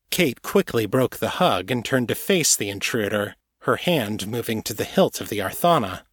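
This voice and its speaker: A man narrating his own serialized fiction in a measured, even reading. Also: fairly low pitch, husky, dry recording, clean studio sound. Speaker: author and audiobook narrator. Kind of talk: scripted narration.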